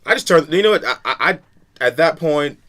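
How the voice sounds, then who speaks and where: A Southern US man guests on a relaxed podcast and speaks with a bright, forceful tone. His pitch moves a lot, and he often stumbles and restarts his sentences. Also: fairly quick. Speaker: guest karaoke KJ. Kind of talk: casual chat.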